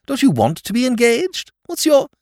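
A man voicing a brash, mocking young English gentleman in an audiobook reading, theatrical and quick-tongued. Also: very high voice, huge pitch swings, no echo, studio quality, voice pushed up, full character voice. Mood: indignant.

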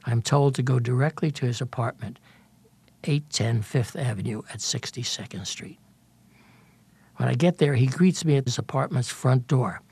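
Older man reading a memoir, gravelly. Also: medium pitch, a little mellow, no echo. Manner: measured storytelling in present tense. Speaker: memoir reader.

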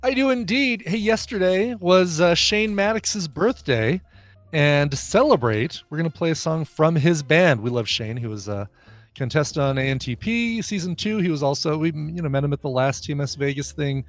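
A man co-hosting a podcast in relaxed, rambling casual chat, often pausing with ums and laughing along. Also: a little high, soft background music. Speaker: podcast co-host.

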